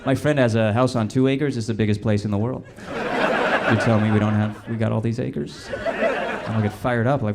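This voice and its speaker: A man doing a stand-up set, telling stories in a laid-back, deadpan way. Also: on the low side, normal speed, vocal fry, a loud crowd. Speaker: stand-up comedian. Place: comedy club stage. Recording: loud audience noise in a club. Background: audience laughter.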